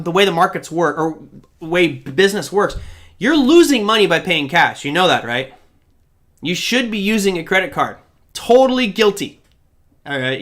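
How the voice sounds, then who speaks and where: Chatty man, bright voice. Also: a little high. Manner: chatty, digressive, addresses chat directly. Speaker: host of a live trading show. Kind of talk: live-stream chat answering viewers.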